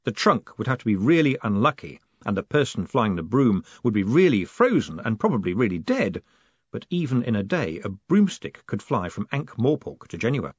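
A man narrating a story in a husky voice with a lively, rolling pitch and a dry, wry delivery. The recording is dry and slightly dull, with no room sound. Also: normal speed, no echo. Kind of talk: audiobook narration. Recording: dull, dry studio read.

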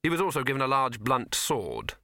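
Bright-voiced male storyteller. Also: medium pitch, wildly swooping pitch, fairly quick, no echo, studio quality. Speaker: audiobook narrator. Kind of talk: scripted narration.

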